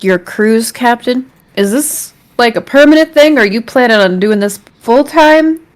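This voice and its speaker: A woman's voice: on the high side, lively intonation, a little slow. Woman player at a tabletop game. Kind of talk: casual tabletop game play.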